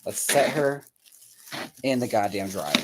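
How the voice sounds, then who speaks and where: A man's voice: mid-range voice, husky. Chatty, foul-mouthed man crafting live. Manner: chatty, profane and laughing often; rambling, searches memory aloud. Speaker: livestream host painting dolls. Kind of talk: casual chat with viewers while crafting.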